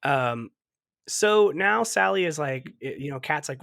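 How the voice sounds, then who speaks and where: A man's voice: mid-range voice, expressive, normal speed, gravelly, a bit bright, no echo, studio quality. A young man co-hosting a podcast, retelling movie scenes in casual chat, laughing often and swearing. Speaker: podcast co-host recapping a movie.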